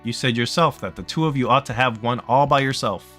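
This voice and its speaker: Man voices a pushy middle-aged company president, quick big-city patter, visual novel read. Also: medium pitch, fairly bright tone, faint music behind, lightly acted. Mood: brash. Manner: fast New York-style patter. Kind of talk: reading a visual novel aloud.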